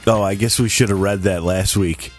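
A man's voice: low-pitched, steady tone, moderate pace, soft background music. A man co-hosting a podcast, reading listener comments in casual chat, laughing and swearing freely. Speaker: podcast co-host.

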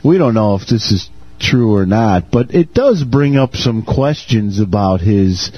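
Male podcast co-host, slow and husky, lively pitch, joking delivery, dull lo-fi recording. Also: dry recording. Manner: laid-back, joking, laughs often. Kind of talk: casual comedic chat.

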